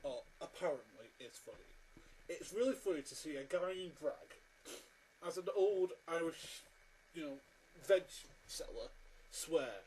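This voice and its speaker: Brief: man in a casual ranting review, fairly high voice, blunt and fed up. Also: lively intonation, unhurried, darkish tone, a little hiss or hum, poor audio. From Britain. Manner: blunt, exasperated, lots of restarts. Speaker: film reviewer.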